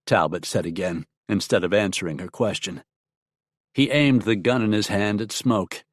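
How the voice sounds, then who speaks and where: In scripted narration of a western audiobook, a man tells the story in an even, measured way. His voice is on the low side, recorded at studio quality with no room sound.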